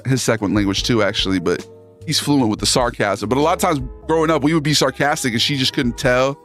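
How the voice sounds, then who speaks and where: A man with a mid-range, fairly bright voice hosts a live stream, casually reading and answering his chat with laid-back sarcasm and plenty of slang.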